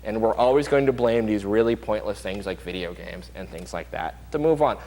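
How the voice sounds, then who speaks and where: A man hosting an opinion talk show, arguing his points emphatically and rapidly. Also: on the low side, mellow, long reverb tail, rough recording. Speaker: show host.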